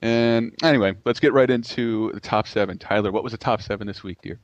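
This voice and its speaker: A man's voice: fairly low pitch, brisk, no echo. A man hosting a casual podcast chat, loose and joking as he steers the segments. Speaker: podcast host. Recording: dull, dry podcast recording.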